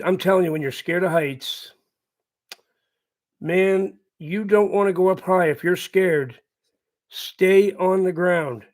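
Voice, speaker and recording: A middle-aged man with a fairly high voice spins a long, loose story to his live chat. He circles back and repeats lines, chuckling through his own tale. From Canada. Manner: rambling, repeats himself, laughs through the telling. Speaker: channel host.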